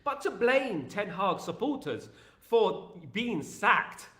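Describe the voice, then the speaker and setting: A man hosting a fan live stream, talking in an animated, repetitive and opinionated way while greeting viewers. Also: high voice, slow pace, roomy sound.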